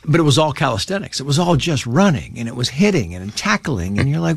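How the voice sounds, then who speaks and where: A man telling personal stories in a casual conversation, lively and acting out the people he quotes. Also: fairly quick, vocal fry, few pauses, husky. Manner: animated storyteller who acts out quoted voices in high pitch.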